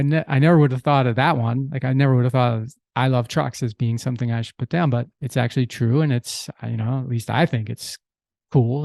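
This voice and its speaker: A man's voice: mid-range voice, gravelly, a little mellow, no echo. Easygoing man telling a story, dry sound. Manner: easygoing, with restarts and "you know". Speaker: podcast host. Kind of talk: casual storytelling monologue.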